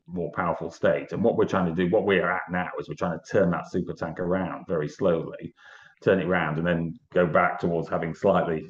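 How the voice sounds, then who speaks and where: Fast-talking, deep-voiced British man. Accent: British English. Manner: earnest, quick, with many restarts. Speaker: political party guest. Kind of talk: conversational interview. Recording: echoey, dull lo-fi audio.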